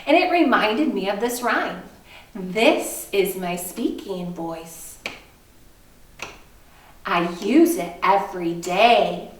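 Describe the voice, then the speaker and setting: A woman music teacher leading a kindergarten lesson, talking in a slow, sing-song, animated way and breaking into song. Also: mid-range voice, reverberant, distant mic, slight background noise.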